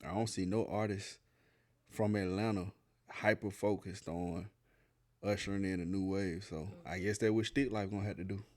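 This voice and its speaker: A man's voice: deep voice, fairly even intonation, moderate pace. A man co-hosting a podcast, talking in a laid-back, slangy way with lots of restarts. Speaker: podcast co-host, production company owner. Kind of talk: casual podcast chat. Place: Atlanta.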